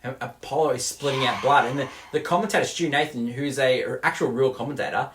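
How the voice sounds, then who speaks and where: A man co-hosting a casual film review chat. He tells the story in a lively way, stumbling and restarting as he goes. His voice has a mid-range pitch and an echoey room sound. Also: fast, slight background noise. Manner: animated retelling with restarts. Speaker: co-host of a movie review show.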